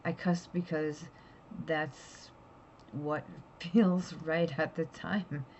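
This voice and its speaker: A woman's voice: low-pitched, fairly even intonation, extremely slow, a little mellow, highs cut off, a little hiss or hum. A middle-aged woman telling a rambling, blunt story about her pets in a casual home vlog. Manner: chatty, blunt, rambling with restarts. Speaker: pet vlogger.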